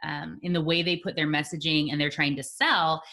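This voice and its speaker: A woman guest in a conversational interview, explaining her ideas in a lively way with acted-out examples and laughter. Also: deep voice, normal speed.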